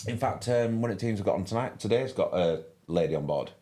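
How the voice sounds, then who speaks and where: A man's voice: lowish voice, animated, fast, warm tone. An older man with a broad Yorkshire accent, chatting casually as a fishing commentator on a live stream, rambling with many restarts and fillers. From West Yorkshire, England.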